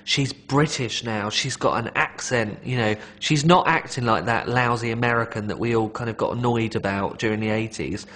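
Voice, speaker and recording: A man commentator speaking in an ironic, gently mocking interview tone. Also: mid-range voice, normal speed, few pauses.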